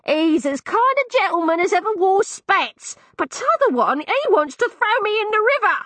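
A woman voicing a tearful, fretful old deaf landlady, crying out high, drawn-out words. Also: big pitch swings, fairly bright tone, no room sound, heavily acted.

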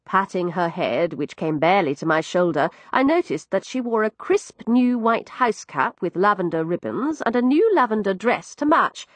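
A woman narrating a story in the first person with wry, expressive delivery. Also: medium pitch, normal speed, few pauses, no echo. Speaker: audiobook narrator.

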